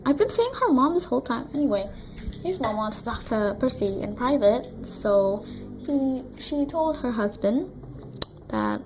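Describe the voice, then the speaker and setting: A woman's voice: a little high, big pitch swings, a little slow, background noise. A woman vlogger casually retelling a novel at home, chatty and rambling, with many asides. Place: room at home with a blue wall.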